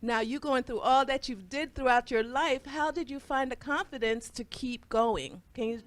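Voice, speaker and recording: A woman with a somewhat high voice puts questions to a talk-show guest. She sets up each question earnestly before asking it. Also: moderate pace, dry recording. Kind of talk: interview questions.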